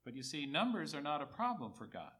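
A man preaching a sermon, repeating key phrases for emphasis, rising on quoted words and dropping low on asides. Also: very animated, a little fast. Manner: rises high and loud on quoted speech, drops low on asides.

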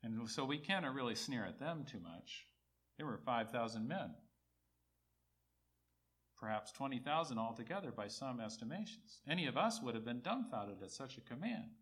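A man preaching a sermon, repeating key phrases for emphasis, rising on quoted words and dropping low on asides. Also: expressive, normal speed. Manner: rises high and loud on quoted speech, drops low on asides.

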